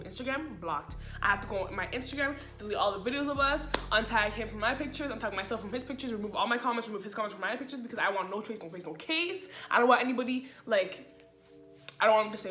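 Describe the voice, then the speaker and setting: A woman's voice: medium pitch, a bit bright. A young woman telling a personal story in a chatty vlog, acting out quoted lines of dialogue. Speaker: vlogger. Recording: echoey room with faint music.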